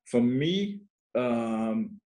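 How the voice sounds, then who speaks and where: A middle-aged man with a Danish accent, talking as a guest on a podcast. He tells stories in an animated, self-mocking way, with lots of fillers and restarts along the way. His voice sits at an ordinary middle pitch. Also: very slow. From Denmark. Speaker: podcast guest, security professional. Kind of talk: casual interview storytelling.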